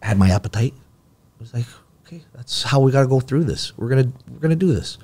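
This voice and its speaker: A man's voice: mid-range voice, expressive, fast, darkish tone, husky. A man, a podcast guest telling a long personal story in casual talk and acting out the dialogue.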